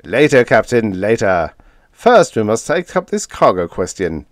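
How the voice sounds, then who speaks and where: A man's voice: fairly low pitch, very animated, measured pace, no room sound, clean studio sound. A man voicing a hearty, pompous company boss who chortles as he talks.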